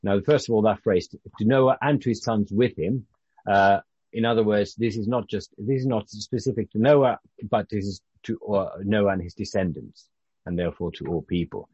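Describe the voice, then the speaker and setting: Heard in a dry, somewhat muffled recording, a low-voiced, faintly husky British man guides an easygoing Bible study group. His informal teaching comes out loosely and haltingly, with frequent sentence restarts.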